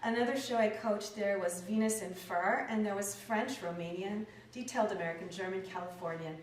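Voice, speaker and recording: A woman, an acting professor and dialect coach, giving an animated lecture and demonstrating sounds aloud. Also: medium pitch, brisk, far from the mic. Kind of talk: lecture talk. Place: lecture room, indoors. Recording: echoey room, picked up from afar.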